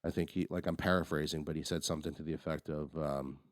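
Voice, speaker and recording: A man's voice: very deep voice, level tone, quick pace, few pauses, no room sound, studio quality. A man co-hosting a podcast, reviewing a movie in casual, rambling chat with many restarts. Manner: rambling, frequent restarts and fillers. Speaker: podcast co-host.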